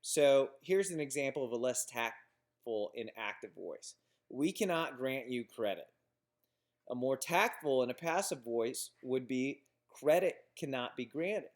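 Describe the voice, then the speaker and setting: A man giving a recorded lecture on business writing. His voice sits at an ordinary middle pitch. He talks through examples plainly, stumbling and restarting now and then. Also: lively intonation, a little slow. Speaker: instructor.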